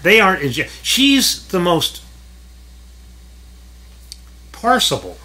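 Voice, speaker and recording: A man's voice: mid-range voice, bright, forceful tone. A man hosting a casual film commentary, rambling and correcting himself as he talks about what he has been watching. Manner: rambling, self-correcting, chuckling asides. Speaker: film critic host.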